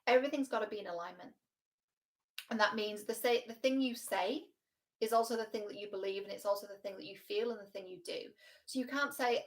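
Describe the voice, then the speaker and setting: A woman relationship coach giving casual reaction commentary, frank and animated, swearing freely. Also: mid-range voice.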